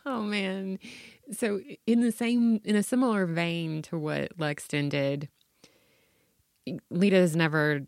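A man's voice: fairly high pitch, vocal fry, no echo, studio quality. A man with a twangy Tennessee accent, telling a story in casual podcast chat with frequent restarts. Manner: storytelling with many restarts and laughs. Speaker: podcast co-host.

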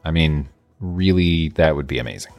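A man with a very deep voice chats easily on a podcast, agreeable and quick to laugh along. The sound is dry and close, with soft music underneath. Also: no room sound. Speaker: podcast co-host. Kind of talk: casual podcast chat.

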